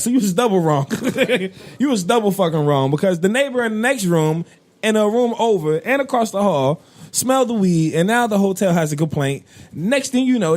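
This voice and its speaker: A man co-hosting a podcast, ranting in a profane, animated way with bursts of laughter. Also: high voice. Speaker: podcast co-host. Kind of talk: casual podcast rant.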